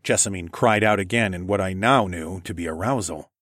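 Low-voiced man narrating an adult story. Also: brisk, a bit bright, dry recording, clean studio sound.

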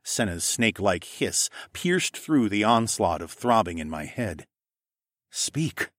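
A man's voice: on the low side, very animated, takes it slowly, fairly bright tone, no room sound, clean studio sound. A man narrating a first-person fantasy audiobook expressively, acting out the dialogue.

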